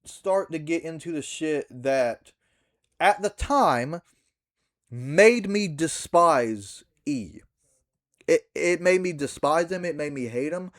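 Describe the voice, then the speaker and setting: A young man ranting to camera about a wrestling match finish, swearing and acting out the scene in mocking mimicry. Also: fairly high pitch. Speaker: backyard wrestler. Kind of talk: ranting vlog monologue.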